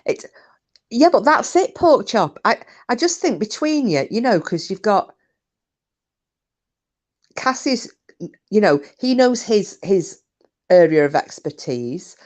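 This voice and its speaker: A woman's voice: mid-range voice, sing-song, slow pace, long pauses. A woman hosting a casual live chat, laughing often and swearing casually. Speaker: live stream host. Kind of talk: casual chat reading viewer comments. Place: home, windy day.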